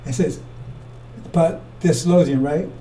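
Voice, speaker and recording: Preacher, male, high voice and mellow tone, accusatory and repetitive, recorded from a distance. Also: unhurried, slight background noise. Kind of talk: fiery scripture commentary.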